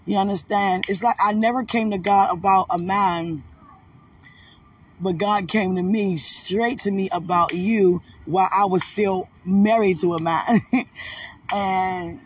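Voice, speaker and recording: A woman's voice: medium pitch, steady tone, unhurried, recorded from a distance, slight background noise. A woman recording a casual, heartfelt video message of thanks, emotional and devout, rambling with many fillers. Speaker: fiancée giving thanks.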